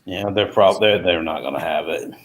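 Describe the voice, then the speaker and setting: A man's voice: deep voice, moderate pace, vocal fry. A man co-hosting a casual sports chat show, rambling in an easygoing way. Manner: rambling, easygoing, many fillers. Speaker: co-host.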